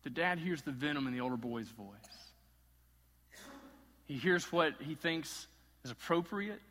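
A male pastor delivering an impassioned sermon, swinging between loud emphasis and hushed moments. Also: on the high side, lively intonation, a little slow, long reverb tail.

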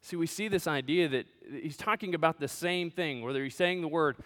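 A man's voice: on the high side, a little fast, fairly bright tone, big-room sound. A man as pastor, preaching a sermon in a conversational, joking way, in a church sanctuary.

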